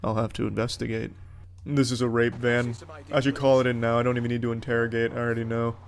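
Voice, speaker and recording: A man's voice: mid-range voice, flat delivery, quick pace, gravelly. A man giving comedic gameplay commentary in a crude, sarcastic, mock-heroic way. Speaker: gaming commentator.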